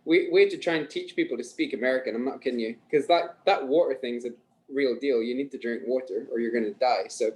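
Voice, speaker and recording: A man in his thirties with a Scottish accent, a guest on a podcast, telling stories in relaxed casual chat with frequent chuckles. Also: mid-range voice, fast talker, rough recording. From Scotland.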